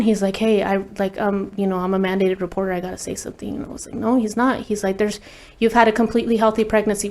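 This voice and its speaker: A woman guest on an interview show, telling a personal story candidly and bluntly, swearing freely and saying "like" often. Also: mid-range voice. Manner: blunt, profane, heavy use of "like". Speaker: guest recording artist.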